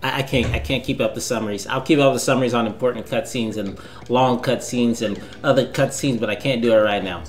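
A man's voice: mid-range voice, steady tone, a little fast. A man hosting a let's play, rambling and self-deprecating as he comments on the game. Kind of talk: casual gameplay commentary.

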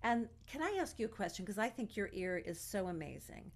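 A woman's voice: mid-range voice, very animated, fairly quick. A woman hosting an interview, affirming and encouraging as she responds and asks questions. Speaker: host, co-artistic director. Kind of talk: interview conversation.

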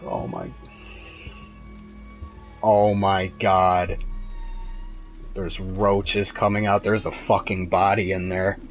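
Young male gamer, slow nervous delivery, profane and jumpy; faint music under him. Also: low-pitched, flat delivery. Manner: profane, jumpy, muttering and yelping with fear. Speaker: gamer streaming a horror game. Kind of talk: frightened live gameplay commentary.

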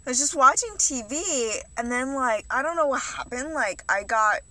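A woman's voice: high-pitched, expressive, normal speed, bright, forceful tone, dry recording. A young woman vlogger rambling in a confessional, profane way, with lots of "like". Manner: rambling, profane, heavy use of "like". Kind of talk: confessional eating vlog talk.

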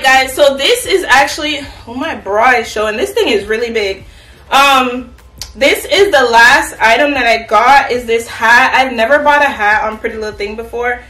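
Chatty high-voiced young woman in a roomy space. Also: a bit bright. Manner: chatty, playful, talks straight to viewers. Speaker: fashion vlogger. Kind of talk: casual try-on haul chat. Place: at home, in an echoey room. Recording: roomy, from a distance.

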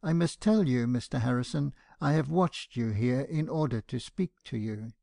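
A man reading the lines of a tearful, earnest young woman in an audiobook, pitching his voice up a little and pleading. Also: expressive, normal speed, creaky, dark tone, dry recording, clean studio sound.

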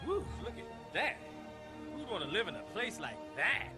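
A man voicing an excitable, chatty talking donkey who wisecracks loudly in an animated film. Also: sits high, exaggerated voice. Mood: teasing. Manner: fast-talking, loud, wisecracking. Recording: film soundtrack with loud music.

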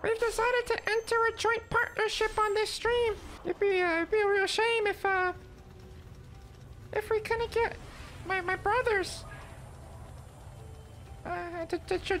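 A man voicing Magmo, a squeaky, childlike little male puppet monster who giggles and turns mock-sinister. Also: sharp tone, slight background noise, full character voice. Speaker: streamer. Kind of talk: comedic character voice on stream.

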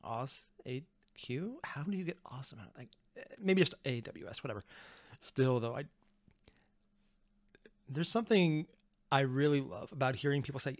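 A man hosting a reaction video, excitable and rambling, with self-deprecating asides, on a close mic. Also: mid-range voice, moderate pace, long pauses, no room sound. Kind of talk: reaction commentary.

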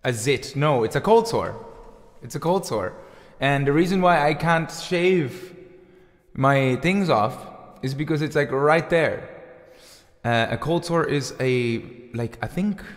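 A rambling thirty-year-old man hosting a casual music livestream, filling his talk with likes and ums. His mid-pitched voice rings with a long reverb tail, as if in a hall. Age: 30s. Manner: rambling and chatty, full of fillers. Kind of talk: casual chat reading out viewer comments. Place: home room with lights and guitar gear.

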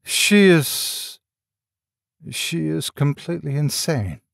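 A man voicing a weary, guilt-ridden man who explains slowly and haltingly in an audiobook horror story. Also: medium pitch, animated, creaky, dry recording, clean studio sound. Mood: subdued. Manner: slow, subdued and halting.

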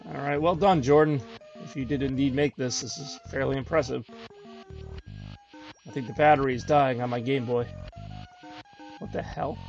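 A man's voice: mid-range voice, steady tone, moderate pace, creaky, pauses often, a little mellow, lo-fi sound, soft background music. A man hosting a gaming video, giving casual, wry let's-play commentary and talking to his viewers. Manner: chatty, wry, addresses viewers.

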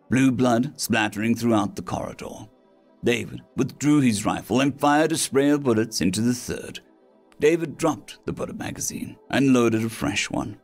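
A man narrating a science-fiction story in a dramatic, expressive reading style. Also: mid-range voice. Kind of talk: scripted sci-fi story narration. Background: faint background music.

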